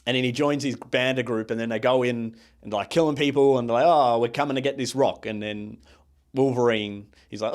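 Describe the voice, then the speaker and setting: Podcast co-host, male, casual rambling recap voice, mid-pitched. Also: fairly even intonation. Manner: rambling, filler-heavy, acts out characters in quick asides. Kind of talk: casual movie review chat.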